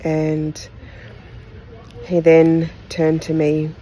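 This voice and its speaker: A woman from Australia hosting a podcast, giving a candid, heartfelt retelling of a personal story in halting phrases with pauses. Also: low-pitched, completely flat delivery, mellow, a little hiss or hum, rough recording. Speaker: podcast host.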